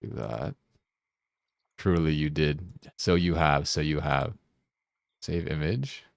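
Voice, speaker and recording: A man streaming a game, chatting casually, joking and laughing often, and getting excited as he rambles. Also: a bass voice, slow pace, gravelly, no room sound, clean studio sound. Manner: gets excited and rambling when riffing. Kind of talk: casual live-stream chat while gaming.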